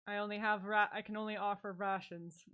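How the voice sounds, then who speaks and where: A woman's voice: mid-range voice, level tone, fairly quick, smooth, dull audio. A woman playing a tabletop game, reacting casually and bluntly. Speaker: player.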